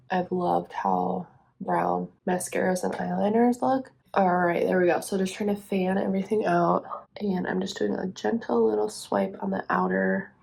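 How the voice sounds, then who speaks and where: A young woman vlogger chatting casually through her makeup routine, relaxed and chatty with lots of fillers. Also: on the low side, creaky. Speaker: vlogger and teacher. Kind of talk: casual get-ready-with-me talk.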